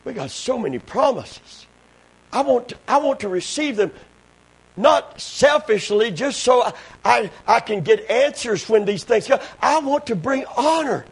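A man preaching a fervent sermon, breaking into shouted bursts and hallelujahs. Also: very high-pitched, expressive, a little slow, gravelly, breathy edge. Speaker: pastor.

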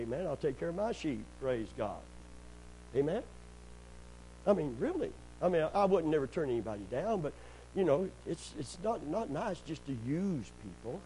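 A middle-aged pastor, preaching in a folksy storytelling way, sprinkling in amens and praise God, and rising loud and high when he gets worked up. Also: slight background noise, rough recording. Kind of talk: sermon.

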